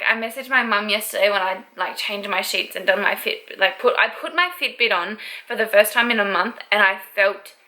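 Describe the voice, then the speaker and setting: A woman's voice: medium pitch, bright, forceful tone, poor audio. A young woman in her twenties chatting candidly to camera at home in a casual vlog. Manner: chatty and candid, with frequent fillers. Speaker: vlogger.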